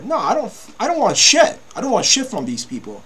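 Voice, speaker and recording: A man in his fifties delivers an agitated monologue to camera in a high, swooping voice. He stumbles over restarts, leans on "you know" and curses casually. His pitch leaps up and down as he complains. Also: huge pitch swings, brisk, fairly bright tone, slightly rough. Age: 50s. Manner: swears freely. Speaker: vlogger.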